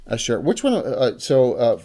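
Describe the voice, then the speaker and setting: A man's voice: mid-range voice, wildly swooping pitch, normal speed, warm tone. A man with a South Jersey accent, hosting a livestream as game master and handing out prizes in a loose, joking way. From South Jersey, USA. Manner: loose and joking, with frequent restarts. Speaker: game master and show host.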